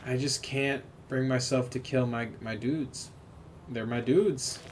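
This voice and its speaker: A tired man streaming a video game, chatting casually, swearing freely and reacting loudly to the action. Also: medium pitch, steady tone, slow pace. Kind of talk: casual live gameplay commentary. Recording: noticeable background noise.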